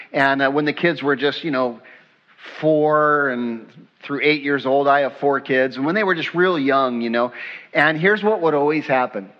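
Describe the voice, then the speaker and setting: A middle-aged male pastor preaching a sermon in a church, animated and then dropping to a hushed voice for emphasis. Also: a little high, dull audio.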